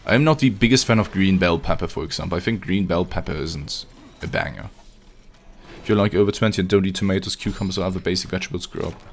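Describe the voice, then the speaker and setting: A deep-voiced, fast-talking man gives casual commentary on his live video game stream, full of jokes and swearing aimed at his viewers. There's slight background noise.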